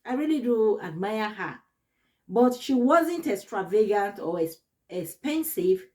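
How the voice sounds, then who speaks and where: A woman's voice: medium pitch, animated, measured pace, mellow. A young adult woman vlogger telling a personal story to her viewers in a casual way, laughing often and repeating words for emphasis. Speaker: YouTube vlogger.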